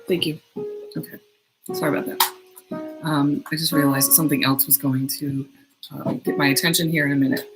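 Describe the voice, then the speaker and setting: A woman leading a slow, soothing guided meditation on a live stream, with piano playing behind her, recorded at home on a built-in device mic. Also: deep voice, steady tone, poor audio.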